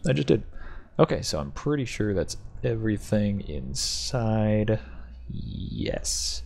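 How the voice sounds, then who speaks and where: A man's voice: lowish voice, very animated, takes it slowly, creaky, a little mellow, a little hiss or hum. A man hosting a channel, rambling and joking with frequent laughs as he tours a ship in a game. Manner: rambling, jokey, laughs often. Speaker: channel host reviewing game ships. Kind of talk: casual game commentary.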